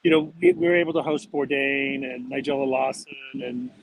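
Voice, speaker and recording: A man co-hosting as bookstore owner, relaxed and reminiscing in casual chat. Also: medium pitch, a little fast, creaky, slightly rough, rough recording.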